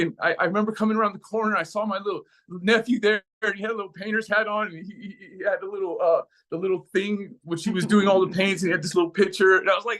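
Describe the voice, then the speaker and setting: An American man with a high-sitting voice speaks briskly as a guest speaker telling an emotional personal story. He's animated, acting out the voices in it with lots of life.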